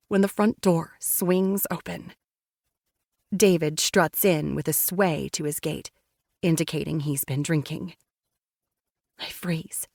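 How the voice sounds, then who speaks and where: A woman's voice: lowish voice, vocal fry, no echo. Woman narrator, first-person romance audiobook, dramatic and intense, dry close mic.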